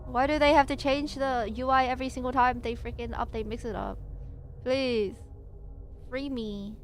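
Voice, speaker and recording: A woman chats on a casual livestream in a high, light voice. She rambles playfully from one silly aside to the next. A faint hiss sits under the recording. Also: fairly even intonation, normal speed. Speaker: VTuber streamer. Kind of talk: casual livestream chat between reading passages. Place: home streaming setup at a PC.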